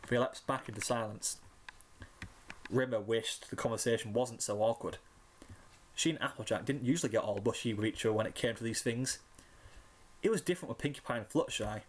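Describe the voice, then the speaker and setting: A man narrating a fan fiction story in a calm, even reading voice, with small slips. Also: medium pitch.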